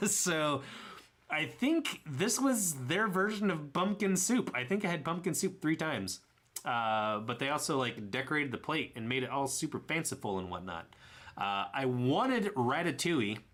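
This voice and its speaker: A young man with a Tennessee drawl talks over his travel photos in a loose, meandering voice-over. His tone is bright and forward, and he keeps stumbling over words, fixing them, and chuckling at himself. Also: mid-range voice. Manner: rambling, self-correcting, chuckling. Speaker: travel vlogger. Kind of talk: casual voice-over narration of trip photos.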